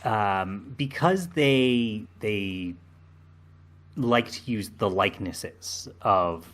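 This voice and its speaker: A man co-hosting a casual podcast, talking slowly and hesitantly with many ums and restarts. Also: lowish voice, a bit bright. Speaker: podcast co-host.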